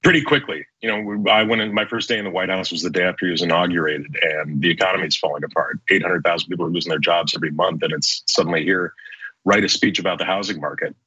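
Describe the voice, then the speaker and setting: A man, a former speechwriter, telling stories as an interview guest with fast, animated delivery and frequent restarts. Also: deep voice, slightly rough, no room sound, lo-fi sound.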